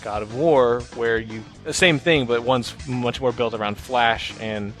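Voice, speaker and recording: A man's voice: medium pitch, unhurried, soft background music. A man co-hosting a casual video game podcast, rambling and swearing freely as he talks. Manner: rambling, profane, laughs often. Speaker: podcast co-host. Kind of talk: casual chat about video games.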